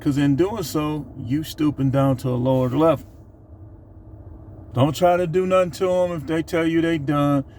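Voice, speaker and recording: A middle-aged man telling a funny work story in a casual, animated monologue. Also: a little high, normal speed, a little hiss or hum. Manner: animated, laughs while telling. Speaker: vlogger.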